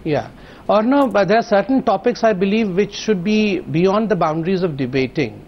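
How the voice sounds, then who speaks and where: A man speaking as a political panelist, with a fairly high voice. He keeps talking insistently over the interruptions. The feed sounds slightly dull, with faint noise behind it. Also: expressive, normal speed. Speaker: party spokesperson, debate panelist. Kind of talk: heated TV debate argument.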